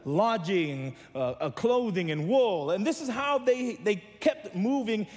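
A man with a notably high voice preaches to his church, telling funny stories and asking the congregation to answer back. His voice trails off in a long reverberant echo, as though the room is a large sanctuary. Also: expressive, unhurried, a little mellow. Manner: preaching with humor and call-and-response to the church. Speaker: pastor. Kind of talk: sermon.

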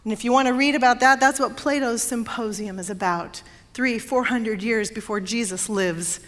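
A woman pastor with a high voice preaches to her congregation. She tells stories in a conversational way and turns to the people in the pews with asides. Her words ring out in a long, echoing reverb. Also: normal speed, a bit bright. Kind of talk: sermon. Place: church sanctuary. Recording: long reverb of a large sanctuary.

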